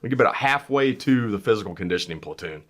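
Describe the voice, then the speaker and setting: A man's voice: on the low side, expressive, fast talker, a bit bright. A man co-hosting a podcast, earnestly reminiscing in folksy, casual storytelling. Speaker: podcast co-host.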